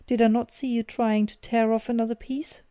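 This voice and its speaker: A woman doing an old banker, outraged father, shouting, dark tone, dry sound. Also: on the high side, level tone, moderate pace, no room sound, close to an everyday voice. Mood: furious. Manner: shouting, accusing.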